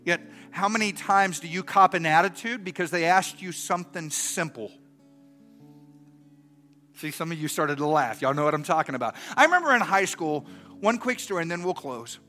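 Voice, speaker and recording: A middle-aged man preaching a sermon and telling a story. He swings from soft and earnest to loud and animated. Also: on the high side, normal speed, soft background music. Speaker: pastor.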